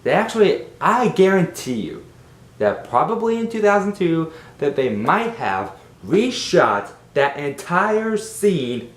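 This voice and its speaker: A man rambles through a casual movie review, his pitch swinging widely as he gets worked up. He talks slowly and drags out his words. The room sounds echoey, with a faint low rumble behind him. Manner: animated, exasperated, rambling.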